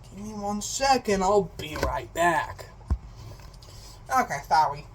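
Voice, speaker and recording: A young woman talks to her viewers while she cooks, rambling and goofy. She speaks at an unhurried pace. Faint background noise sits under her voice. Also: medium pitch, animated, recorded from a distance, poor audio. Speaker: cooking vlogger. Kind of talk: casual cooking chat.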